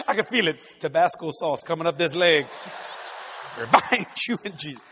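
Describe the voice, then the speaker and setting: A middle-aged male preacher tells a story from the pulpit with lots of animation. He acts out the dialogue and laughs as he goes, his voice sitting a bit high for a man. A long reverb from a large hall trails each phrase. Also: lively intonation, normal speed, noisy background. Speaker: preacher, head of a ministry. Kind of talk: storytelling sermon.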